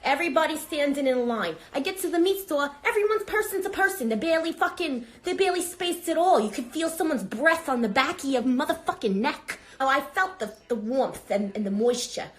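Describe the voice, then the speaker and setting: Woman doing brash older grandma, rambling, sidetracked, foul-mouthed, fairly high voice, phone livestream. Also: lively intonation, fairly quick, hardly any pauses. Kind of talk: improvised comedy character livestream.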